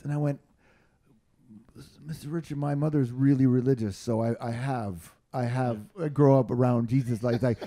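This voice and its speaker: A man's voice: mid-range voice, moderate pace, mellow. A man from Canada, a podcast guest, telling anecdotes in a casual, reflective manner. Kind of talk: casual storytelling chat.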